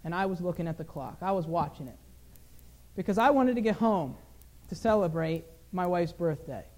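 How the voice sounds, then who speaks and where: Earnest man preaching, mellow voice. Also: high voice, lively intonation, normal speed. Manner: earnest, personal storytelling with rising emphasis. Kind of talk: sermon.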